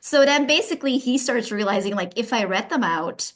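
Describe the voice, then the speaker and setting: Rambling woman player, a touch high. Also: expressive, a little fast. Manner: rambling, many fillers, lots of "like". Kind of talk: planning out loud in a tabletop game.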